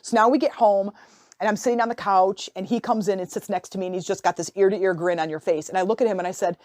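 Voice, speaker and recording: A woman hosting a podcast, telling a personal story in a lively, expressive, conversational way, with sudden excited rises in her voice. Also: medium pitch, fast talker, dry recording, studio quality. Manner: conversational with fillers and restarts. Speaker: podcast host and life coach.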